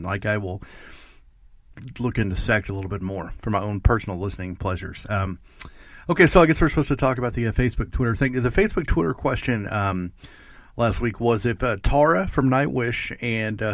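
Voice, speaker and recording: A man's voice: lowish voice, a bit bright, no echo, clean studio sound. A man hosting a music podcast, chatting casually between songs with lots of fillers and easygoing jokes, seated at his editing desk. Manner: rambling, many fillers and restarts; easygoing, joking. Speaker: podcast host.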